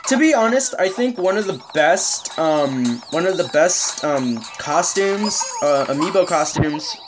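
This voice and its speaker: A young gamer rambling casually through let's-play commentary, hesitant with many fillers. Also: female voice, lowish voice, lively intonation, a little slow, noisy background.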